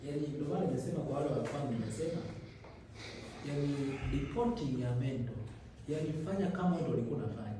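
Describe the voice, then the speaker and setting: A man's voice: a little high, animated, fast. A man, an instructor, correcting a student's report in class, mixing English terms into his speech and checking again and again that he is understood. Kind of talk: classroom feedback. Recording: echoey room, distant mic, background noise.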